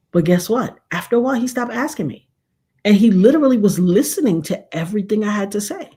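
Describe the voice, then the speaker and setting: A middle-aged woman hosting a live talk show, giving emphatic, folksy relationship advice to her chat and now and then dropping to a near hush. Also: mid-range voice, expressive, quick pace. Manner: emphatic, preachy, folksy, drops to a hush for effect. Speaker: livestream talk show host.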